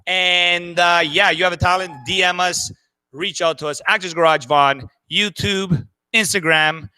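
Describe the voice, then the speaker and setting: A man's voice: high voice, fairly even intonation, unhurried, pushed and bright, clean tone, no room sound. A man hosting a live talent show, wrapping up with an upbeat, jokey sign-off. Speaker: show host.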